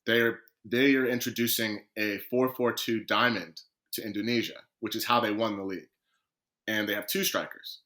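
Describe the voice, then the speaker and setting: A man's voice: on the low side, fairly even intonation, normal speed, bright, forceful tone. A man, a professional footballer, telling his career story as a guest on a podcast and acting out the conversations he quotes.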